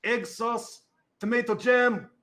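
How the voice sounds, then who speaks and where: A man voicing a male café owner who speaks loud, clipped broken English. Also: very high voice, steady tone, takes it slowly, pitched above the performer's own voice, heavily acted. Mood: shouting orders.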